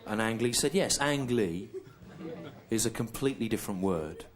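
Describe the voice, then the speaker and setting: A male stand-up comedian telling a long story in a deadpan, slow, repetitive way, over audience laughter. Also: lowish voice, a crowd in the background.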